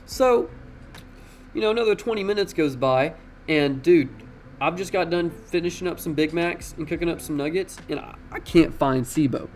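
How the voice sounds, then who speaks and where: A young man telling a casual, slangy story in an animated way, swearing freely. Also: fairly high pitch, normal speed, slight background noise.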